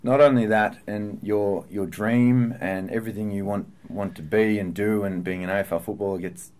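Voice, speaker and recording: A man's voice: lowish voice, fairly even intonation, moderate pace, a little mellow. A man in his thirties, a professional footballer, talking candidly and reflectively in a podcast interview. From Australia. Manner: earnest, reflective, with frequent fillers and restarts.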